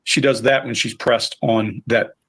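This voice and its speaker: A man's voice: medium pitch, steady tone, measured pace, fairly bright tone, husky. A man on a panel analyzing an interview in a punchy, vivid way, tapping out speech rhythms aloud. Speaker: body language analyst panelist. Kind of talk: analytical commentary.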